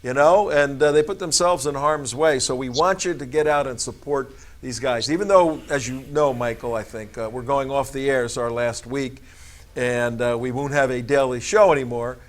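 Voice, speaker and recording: A man's voice: mid-range voice, steady tone, moderate pace. A man hosting a talk show, rambling and jokey with his guest. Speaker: show host.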